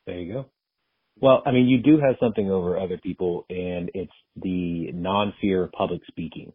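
A man's voice: low-pitched, normal speed, husky, dry recording. A man hosting a casual podcast interview, affirming and appreciative toward his guest. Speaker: podcast host. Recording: dry, phone-like narrow-band audio.

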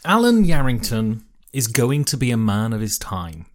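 A man's voice: medium pitch, big pitch swings, normal speed. A man hosting a solo tabletop game podcast, chatty and a little nervous, often restarting his sentences. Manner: chatty, slightly nervous, repeats himself. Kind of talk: casual podcast narration.

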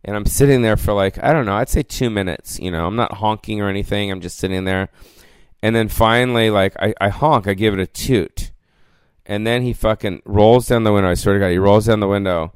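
A man's voice: on the low side, brisk, clean tone, no echo. A man hosting his own podcast, lying down while he rambles through a profane solo rant and keeps asking "you know what I mean?". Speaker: podcast host. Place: lying down indoors.

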